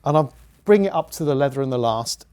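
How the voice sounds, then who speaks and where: A middle-aged man, a veteran shoemaker, telling anecdotes lively and with frequent laughter. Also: medium pitch, fast talker. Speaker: bespoke shoemaker guest. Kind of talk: casual storytelling chat.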